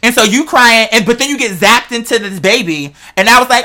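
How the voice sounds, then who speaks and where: Bright, animated, slangy podcast host. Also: mid-range voice, brisk. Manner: animated, rambling, slangy storyteller; profane, speculative, talks straight to listeners. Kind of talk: casual chat.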